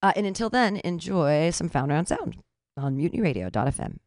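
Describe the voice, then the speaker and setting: Low-voiced young woman radio host, sings comic songs unaccompanied, then casual chat, dry close mic. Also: sing-song, fairly quick, darkish tone, no room sound. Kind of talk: casual a cappella singing and chat.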